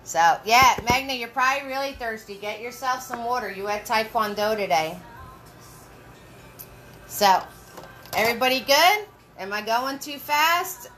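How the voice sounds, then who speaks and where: A woman hosts a live painting class with a bright, fairly high voice. She walks through each brushstroke slowly and patiently, cheering on her viewers. Soft music plays behind her. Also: expressive, low-quality recording. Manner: chatty and encouraging, greets viewers by name; slow step-by-step instructions. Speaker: paint party instructor. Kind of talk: live-streamed painting lesson.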